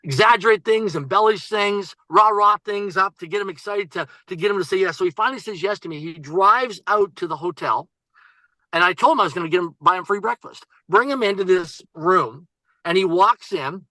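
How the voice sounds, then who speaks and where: A man's voice: high voice, brisk, sharp tone, no echo, low-quality recording. A man, a podcast guest who coaches and writes, telling a personal story emphatically, often repeating and restarting his phrases.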